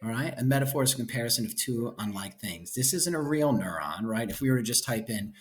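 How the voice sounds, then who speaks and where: A man's voice: mid-range voice, lively intonation, fast. Chatty male teacher, constant "right?". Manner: playful asides, enthusiastic about cute pictures. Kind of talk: casual lecture walking through a book chapter.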